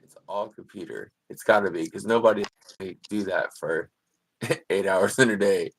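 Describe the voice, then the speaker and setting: A man's voice: lowish voice, normal speed, breathy edge, poor audio. A young man chatting casually over a split-screen drawing stream, rambling through stories and laughing as he goes. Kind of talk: casual chat. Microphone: video call.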